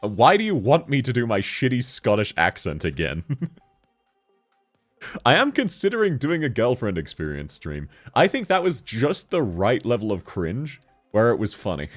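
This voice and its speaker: Lively-voiced joking male game streamer. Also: medium pitch, moderate pace, faint music behind. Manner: joking, laughs often, reads chat aloud. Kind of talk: casual live-stream chat while gaming.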